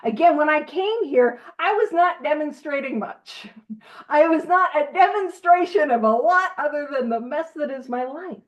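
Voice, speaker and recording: Animated, high-voiced woman leading a study. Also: normal speed. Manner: animated, playful, self-deprecating asides. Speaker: Big Book study leader. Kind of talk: informal recovery-group teaching. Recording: slightly muffled audio.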